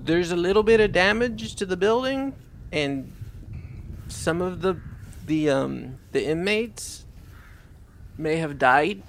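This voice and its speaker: A man trades casual banter as a player in a tabletop game. His mid-range voice carries a gravelly fry, with faint hiss in the background. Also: high voice, lively intonation, slow pace.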